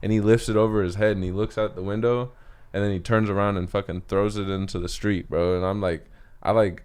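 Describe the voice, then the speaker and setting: A man's voice: on the low side, level tone, a little fast, hardly any pauses, a little mellow, clear, resonant tone. A man on a podcast, telling a work story in a rambling, slangy way. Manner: rambling, slangy, with lots of filler words. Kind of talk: casual storytelling chat.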